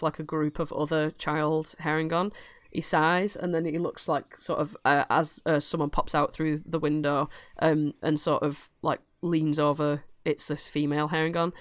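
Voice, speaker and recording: A woman's voice: deep voice, level tone, moderate pace, few pauses, no echo. A woman with a British accent narrating a tabletop game as game master, rambling with many fillers.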